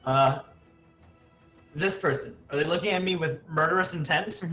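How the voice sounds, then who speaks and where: A man playing a tabletop game, excitable and quick to swear. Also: fairly high pitch, faint music behind. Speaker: player.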